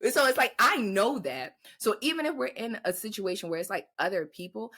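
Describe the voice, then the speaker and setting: Young woman co-host, animated storyteller, bright and lively delivery, casual and profane. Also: medium pitch, brisk. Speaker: podcast co-host. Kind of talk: casual chat.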